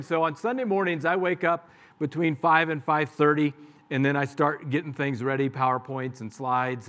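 Man, pastor, sermon, conversational, direct address, fairly high pitch. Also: fairly bright tone.

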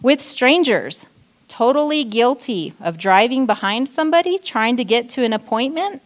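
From the church stage, a woman with a slightly high, expressive voice delivers a short sermon at a moderate pace. She tells a story and acts out frustrated outbursts as she goes.

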